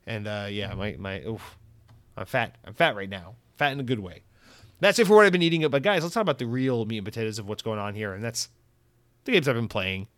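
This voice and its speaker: A man hosting a podcast, talking in a loose, rambling and profane way, with animated swings in his delivery. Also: fairly low pitch, brisk, no echo. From Central Florida. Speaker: podcast host. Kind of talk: casual chat.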